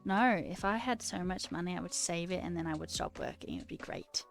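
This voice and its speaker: A woman's voice: on the low side, huge pitch swings, a little fast, gravelly, faint music behind. A woman streamer chatting casually with her viewers while coding, self-mocking and swearing freely.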